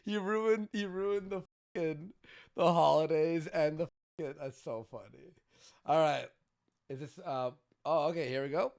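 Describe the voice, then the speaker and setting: A man co-hosting a podcast, laid-back and deadpan, reacting and laughing often. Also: fairly high pitch, moderate pace. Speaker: podcast co-host. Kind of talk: casual commentary.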